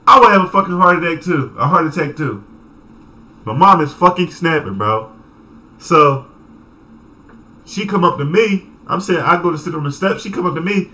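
A young man telling a story from his childhood in a casual, animated way, full of cursing and laughter. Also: fairly high pitch, moderate pace, pauses often. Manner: animated, profane, laughing, acts out voices. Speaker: vlogger.

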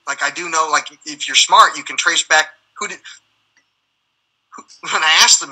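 A man's voice: a little high, moderate pace, long pauses, sharp tone, slightly rough, rough recording. A man, a military veteran, telling rambling stories as a guest in conversation, swearing and acting out the dialogue as he goes. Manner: profane, heated, acts out dialogue.

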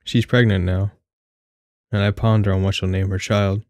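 Low flat-voiced young guy reading his own story, wry and kinda sweary, dry close sound. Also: moderate pace, dry recording. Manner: candid, wry, casually profane. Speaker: audiobook narrator. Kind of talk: first-person story reading.

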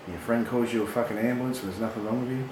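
Australian bloke, middle-aged, crude animated storyteller, echoey room with clear background noise. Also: male voice, medium pitch, racing. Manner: swearing, animated, laughs at his own yarns. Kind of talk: casual storytelling.

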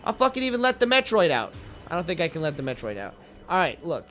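A young man casually commentating a video game, joking and swearing, with sudden goofy shouts. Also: on the high side, wildly swooping pitch, fast talker, faint music behind. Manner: joking, profane, playful bursts of goofy shouting. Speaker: let's play gamer.

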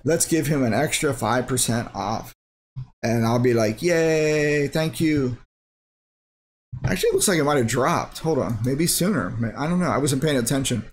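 A man's voice: medium pitch, darkish tone, slight background noise. A man hosting a crypto mining channel, thinking aloud in a rambling, sarcastic way while clicking through his screen. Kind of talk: casual screen-share commentary.

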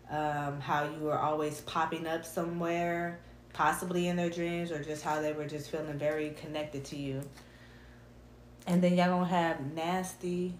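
A woman doing a casual tarot reading, animated and full of slang, laughing and humming between cards. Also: deep voice, roomy sound, a little hiss or hum. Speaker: tarot reader.

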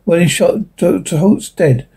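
A man reading a science fiction short story aloud as narrator in a steady storytelling manner. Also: high voice, measured pace, husky.

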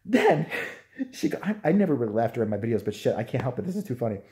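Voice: medium pitch, big pitch swings, quick pace, dark tone. A vlogger ranting in a profane, mocking commentary and often laughing.

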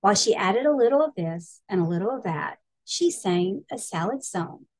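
A woman librarian narrating a children's picture book aloud in a clear storytelling manner. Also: mid-range voice, animated, normal speed, hardly any pauses, darkish tone, dry recording.

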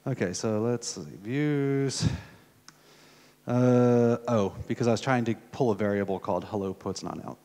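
A man's voice: medium pitch, steady tone, unhurried, mellow. American man giving a live coding demo. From United States. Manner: casual, thinking aloud while typing, many fillers. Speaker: conference speaker. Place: conference hall. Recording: long hall reverb from a conference room.

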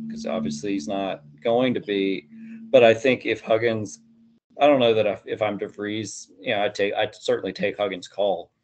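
A man's voice: lowish voice, a little mellow, slight background noise. A man hosting a casual sports podcast, rambling and hedging with plenty of "you know" fillers. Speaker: podcast host.

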